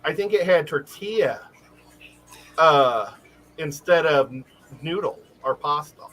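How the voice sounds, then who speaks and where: A man with a high, bright voice that swings widely as he tells stories. He chats on a live show in an animated way and laughs easily. Faint hiss sits underneath. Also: takes it slowly, rough recording. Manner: animated storyteller who laughs often. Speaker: livestream co-host. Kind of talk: casual live-stream chat.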